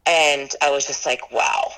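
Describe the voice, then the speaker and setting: A woman's voice: low-pitched, moderate pace, sharp tone, poor audio. A woman who runs a ghost tour business, earnestly recounting her paranormal experiences in an interview and rambling with lots of "like" and "you know".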